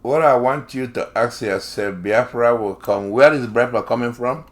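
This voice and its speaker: A man's voice: mid-range voice, moderate pace. A man reading an article aloud and commenting on it. He talks in an emphatic, repetitive and sarcastic way.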